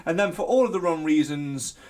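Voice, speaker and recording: A man, a little high in pitch, chats on a podcast with a couple's easy rapport. He talks in an animated, jokey way and swings into bigger bursts of energy. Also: fairly quick. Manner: animated, jokey, bursts into sung tunes and mock shouts. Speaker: podcast co-host. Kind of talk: casual chat.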